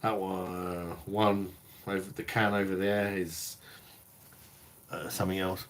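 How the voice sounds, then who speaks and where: A man's voice: low voice, level tone, a little slow. A middle-aged man hosts a casual live stream, tipsy and sweary, reading out viewer comments. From England. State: tipsy from drinking. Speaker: beer review channel host.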